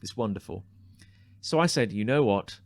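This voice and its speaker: A man's voice: lowish voice, expressive, normal speed, dry recording. A man co-hosting a casual podcast chat, telling a story animatedly, acting out the quoted exchanges and stumbling over restarts as he builds it up. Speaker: podcast co-host.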